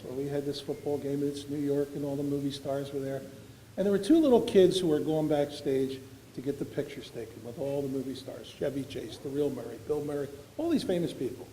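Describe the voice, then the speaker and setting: A man's voice: a little high, dark tone. Older man, after-dinner speech, storytelling, echoey hall, faint room hum. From Philadelphia. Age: 70s. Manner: storytelling, self-deprecating, folksy humor. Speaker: award recipient giving a speech. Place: large banquet hall. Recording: echoey banquet hall recording.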